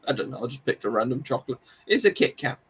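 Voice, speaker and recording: A man's voice: mid-range voice, slight background noise. A man hosting a live stream, chatting casually with viewers in a rambling, self-deprecating way. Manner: rambling, self-deprecating, restarts and laughs often. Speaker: livestream host.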